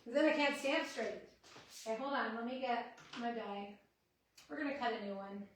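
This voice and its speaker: Chatty lady doing crafts live, kinda high voice, bit of hiss. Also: moderate pace. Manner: chatty, talks to viewers while crafting. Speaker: card-making host. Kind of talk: casual craft livestream.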